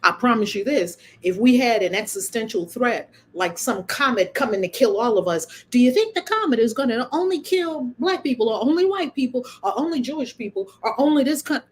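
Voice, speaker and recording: Animated, preachy woman with a high voice. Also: fairly quick, hardly any pauses. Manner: animated, emphatic, preachy, laughs often. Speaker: channel host and spiritual speaker. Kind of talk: casual spiritual monologue.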